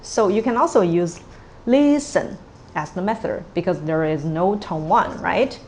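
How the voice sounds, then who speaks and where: Woman tutor, slow deliberate delivery, patient step-by-step explainer, faint background hiss. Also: fairly low pitch, darkish tone. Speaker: language teacher. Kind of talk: tone pronunciation lesson.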